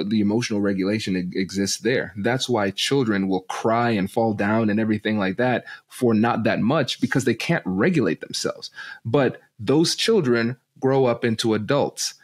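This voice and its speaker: Low gravelly man explaining. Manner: animated teacher-like explaining, laughs often. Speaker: guest, negotiation and conflict expert. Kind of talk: podcast interview explanation.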